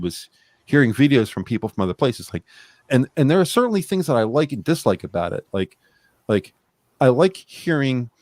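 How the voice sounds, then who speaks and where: A man's voice: medium pitch, a little mellow, dry recording, studio quality. Rambling, blunt man on a podcast. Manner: rambling, blunt, swears freely. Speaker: podcast co-host. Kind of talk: casual chat.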